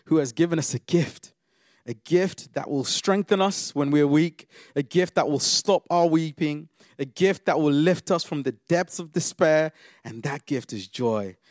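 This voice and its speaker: A man preaching a sermon, swinging from loud exclamations to quiet, intimate asides. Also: medium pitch, no echo, clean studio sound.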